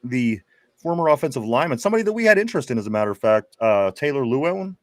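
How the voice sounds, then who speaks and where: A man's voice: mid-range voice, big pitch swings, quick pace, no echo, clean studio sound. A man hosting a casual sports talk show, reading viewer comments aloud in a chatty way with frequent restarts. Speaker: podcast host.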